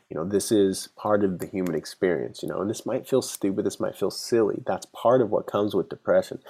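A man with a very low voice and a gravelly edge to it hosts a solo podcast. He talks off the cuff in a frank, rambling way, restarting his sentences often and swearing now and then. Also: darkish tone. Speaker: podcast host. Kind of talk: unscripted solo podcast monologue.

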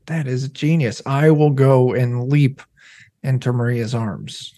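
A man's voice: mid-range voice, fairly even intonation, slow pace, warm tone. A man playing a tabletop game, eager and playful. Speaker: player.

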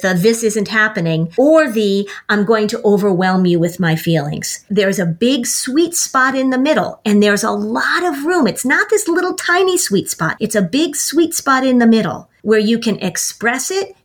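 Woman explaining parenting advice. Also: fairly high pitch. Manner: explains warmly, acts out example dialogues. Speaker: parenting expert guest. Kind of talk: casual chat.

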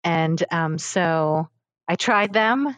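A woman's voice: on the low side, lively intonation, extremely slow, a bit bright, no echo. A young adult woman guest talking casually in an interview, rambling with many fillers and restarts. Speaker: podcast guest.

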